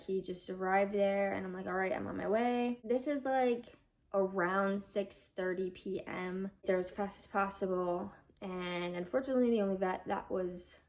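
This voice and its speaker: A woman's voice: medium pitch, darkish tone. A young woman vlogger recounting a hard personal story, chatty with lots of fillers, her voice rising as she nears tears.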